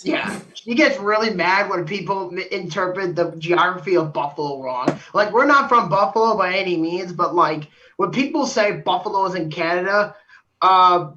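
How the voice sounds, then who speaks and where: Animated bright-voiced podcast co-host. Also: medium pitch, moderate pace. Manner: animated, mock outrage. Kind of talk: casual chat. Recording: distant, muffled mic.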